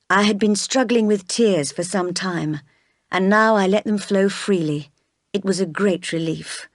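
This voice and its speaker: A woman narrating a classic novel as an audiobook, steady and measured. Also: mid-range voice, no echo, studio quality.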